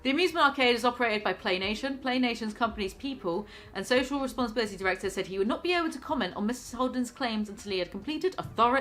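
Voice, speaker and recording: A woman's voice: on the high side, sharp tone. A British woman vlogger reading out a news story and online comments and mocking them, swearing freely and laughing often. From Britain.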